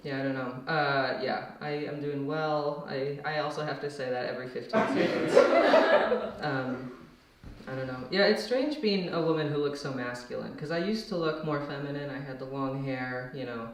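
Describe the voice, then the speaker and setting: A woman's voice: extremely low pitch, moderate pace. A young woman from the rural Midwest doing a stand-up set, rambling and self-deprecating with lots of fillers and restarts. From rural Minnesota / Wisconsin. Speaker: stand-up comedian. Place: comedy venue with audience laughter. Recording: very echoey distant room mic, loud noise. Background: audience laughter.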